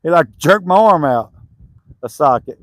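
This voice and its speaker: A man's voice: fairly high pitch, lively intonation, a little slow, dry recording, studio quality. A man working on his homestead cabin, chatting casually, laughing easily and calling to his dogs. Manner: easygoing, laughs often, calls to dogs. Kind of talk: casual chat while working.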